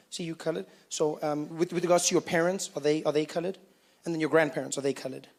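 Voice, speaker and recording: Young South African male comic, high light voice, lively self-mocking storyteller. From Johannesburg, South Africa. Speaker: stand-up comedian. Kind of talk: stand-up comedy routine.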